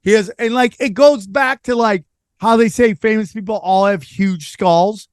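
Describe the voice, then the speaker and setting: Podcast host, male, high voice, dry close sound, lively storyteller who acts out quotes. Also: normal speed, clear, resonant tone, no echo. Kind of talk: casual storytelling chat.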